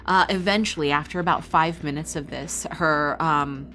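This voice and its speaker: A woman narrating as game master, describing scenes in a measured way with frequent fillers. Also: sits low, pushed and bright, slight background noise.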